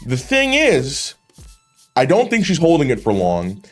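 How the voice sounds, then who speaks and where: A man's voice: fairly high pitch, huge pitch swings, a little slow, fairly bright tone, soft background music. A man giving casual, rambling reaction commentary on wrestling clips, swearing freely and laughing often.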